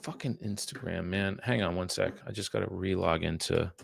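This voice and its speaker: Deep gravelly man, casual livestream. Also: steady tone, normal speed, slight background noise. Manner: casual, rambling, talks to viewers between calls. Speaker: real estate agent. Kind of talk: casual livestream chat while cold calling. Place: his home studio.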